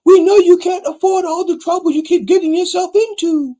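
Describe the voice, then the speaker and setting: Shrill gushing fan falsetto. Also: male voice, brisk, mellow. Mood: fawning. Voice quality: squeaky mocking falsetto. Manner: sing-song, fawning, mocking.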